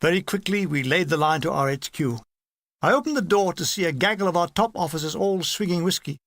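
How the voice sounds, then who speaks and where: A man reading a war memoir aloud as an audiobook narrator, lively and animated, slipping into character voices. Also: fairly high pitch, brisk, dry recording. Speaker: audiobook reader.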